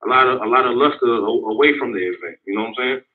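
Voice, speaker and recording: A man with an average-pitched voice calls in to a sports talk show. He speaks in a relaxed way and restarts often. His voice comes through a thin, tinny phone line. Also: rapid-fire. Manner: relaxed, repeats himself often.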